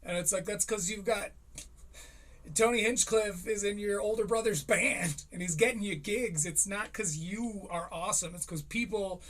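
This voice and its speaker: On a live stream, a man in his thirties delivers rambling, profane comedic commentary full of animated impressions. His voice is high-pitched and moves at a normal speed.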